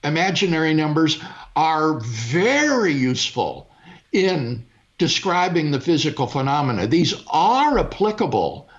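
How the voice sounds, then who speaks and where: A man's voice: on the high side, very animated, measured pace, a bit bright, muffled recording. An older man, a philosopher, explaining a point in a careful, emphatic lecturing way over a video call. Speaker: philosopher guest. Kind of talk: measured academic discussion.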